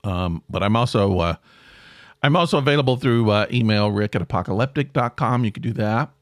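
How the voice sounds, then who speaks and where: A middle-aged man hosting a casual solo podcast, rambling and self-deprecating, jumping up in pitch for emphasis. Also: a little fast, no room sound, clean studio sound. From American South. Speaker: podcast host.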